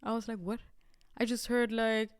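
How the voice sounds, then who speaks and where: A woman in her twenties hosting a podcast, telling a story in a chatty, animated and self-mocking way. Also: fairly high pitch, moderate pace, smooth. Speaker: podcast host. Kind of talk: casual storytelling monologue.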